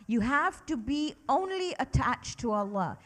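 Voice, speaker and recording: A middle-aged woman teaches a roomful of children, her voice pitched a little high and full of questions. She keeps them involved, pausing for answers and leading them through repeated recitations. The tone is patient and encouraging throughout. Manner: animated, asks children many questions; leads call-and-response recitation. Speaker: children's lecturer at a mosque. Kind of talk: religious lesson for children.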